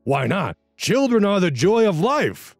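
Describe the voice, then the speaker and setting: A man's voice: medium pitch, very animated, slow, no room sound, studio quality, faint music behind. A man doing a pushy nosy uncle with a put-on accent.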